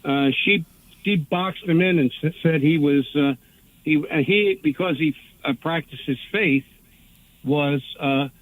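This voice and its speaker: A male caller on a radio show, speaking haltingly with many pauses and restarts. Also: a little high, no room sound. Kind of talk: call-in talk radio. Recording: phone line.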